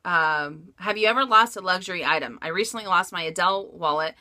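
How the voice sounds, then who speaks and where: A woman's voice: fairly low pitch, brisk, sharp tone. A woman vlogger answering viewer questions about luxury bags in frank, chatty talk with frequent laughs and fillers. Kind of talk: casual Q&A vlog chat.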